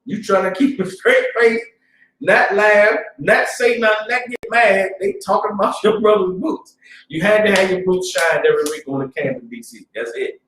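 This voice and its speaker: A man with a fairly high voice preaches to a class in a loose, streetwise way, dropping to a mutter and then rising to loud bursts. He keeps checking in with his listeners. The sound is roomy and echoing, and he stands some way back from the mic. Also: moderate pace, recorded from a distance, slight background noise. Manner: streetwise, repeats "you understand?", swings from low mutter to loud bursts. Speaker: religious class teacher.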